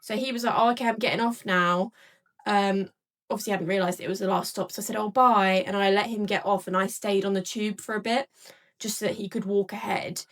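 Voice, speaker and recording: A woman's voice: medium pitch, fairly even intonation, a little fast, a bit bright. A young woman casually telling a long story to camera, rambling with many fillers and acting out both sides of a conversation. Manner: chatty, rambling, filler-heavy retelling.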